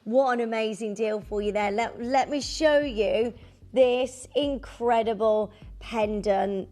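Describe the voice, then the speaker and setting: A high-pitched woman co-presents a live TV shopping sale from a studio. She gushes over the product and briskly counts down the stock. Soft music runs behind her.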